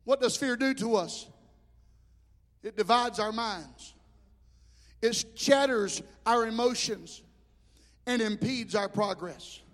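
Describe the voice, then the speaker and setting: A man preaching a sermon as pastor, telling animated stories. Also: very high voice, slow, pauses often. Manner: animated storytelling with shouted impressions. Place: church hall. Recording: hall reverb.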